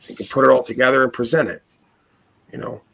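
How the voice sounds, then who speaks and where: A man's voice: mid-range voice, fairly even intonation, quick pace, creaky, fairly bright tone, husky. A man holds forth in casual conversation, sure of himself. He lectures, stacks up rhetorical questions and speaks with authority. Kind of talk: casual philosophical talk.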